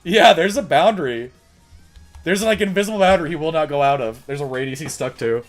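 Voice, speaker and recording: A man giving live, excitable commentary while playing a video game, laughing and shouting commands to a pet. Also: on the high side, a little fast, faint music behind. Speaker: game streamer.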